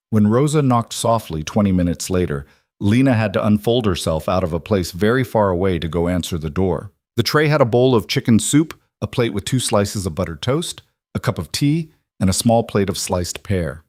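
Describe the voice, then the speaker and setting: A man narrating a scripted story in a measured, even way. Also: low-pitched, no echo, clean studio sound.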